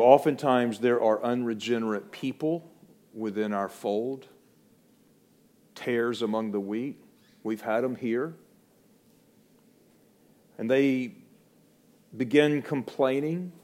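A pastor preaching a sermon in a church, swinging between loud, emphatic proclamation and quiet, hushed warning. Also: male voice, on the low side.

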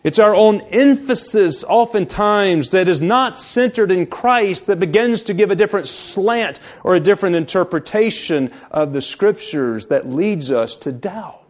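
A man delivering a sermon in a high-pitched voice. He hammers his points through repetition and draws out the key phrases. At times he sinks almost to a whisper to stress a word. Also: lively intonation, a little slow, hardly any pauses. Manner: emphatic, repetitive, drops to near-whisper for stress. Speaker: preacher.

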